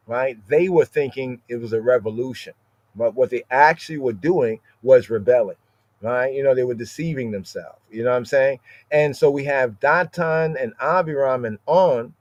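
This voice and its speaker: A man's voice: medium pitch, darkish tone, dry recording. Man teaching scripture, "right?" after every point. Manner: repeats words, constant "right?" tag questions. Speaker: podcast teacher. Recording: dry, slightly dull audio.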